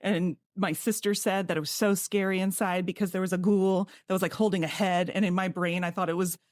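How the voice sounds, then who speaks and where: A woman from California co-hosting a podcast, chatting casually and laughing often between quick asides. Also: lowish voice, fairly even intonation, darkish tone, no room sound. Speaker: podcast co-host. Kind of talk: casual chat.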